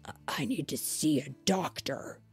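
A woman voicing a big hungry male wolf who is gentle and unsure, speaking softly and hesitantly, often in a whisper, for a storybook. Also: deep voice, a little slow, breathy edge, faint music behind, pitched below the performer's own voice, exaggerated voice. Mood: worried.

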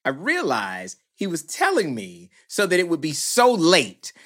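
A man's voice: a little high, huge pitch swings, measured pace. A man who is a film producer, telling a story with energy and acting out the voices of the people in it. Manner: acts out voices in anecdotes, swings from hushed to exclaiming. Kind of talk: animated storytelling.

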